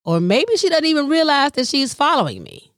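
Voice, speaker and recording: A middle-aged woman caring for her mother, telling a personal story in an animated, colloquial way and sometimes dropping into a whisper. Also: high voice, brisk, no echo, clean studio sound. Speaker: family caregiver.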